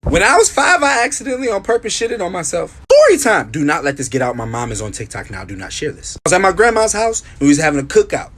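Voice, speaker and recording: A young man with a husky, slightly rough voice tells comic storytime tales. He swings his pitch all over, jumping high and dropping low for punchlines. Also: fast talker, few pauses. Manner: animated, jokey, swings pitch wildly. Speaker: storytime narrator. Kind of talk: comedic animated storytime narration.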